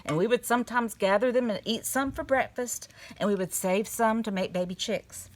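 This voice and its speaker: A woman giving a gentle storytelling lesson to young children at a table. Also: a little high, normal speed, slight background noise. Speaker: children's church teacher. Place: indoors at a table.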